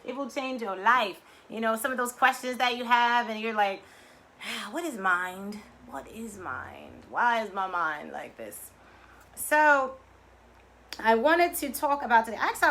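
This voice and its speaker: A woman's voice: medium pitch, sharp tone, a little hiss or hum. A woman leading guided breathing and a motivational talk in a live virtual session, effusive and chatty with lots of "you know". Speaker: affirmation and mindset teacher leading a weekly online session.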